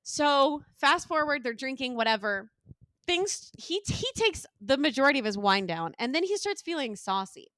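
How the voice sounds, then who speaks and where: A high-pitched young woman co-hosts a podcast, telling a story at a moderate pace in casual conversation. She's animated, swears freely, and acts out the quotes, recorded with studio quality and no room sound.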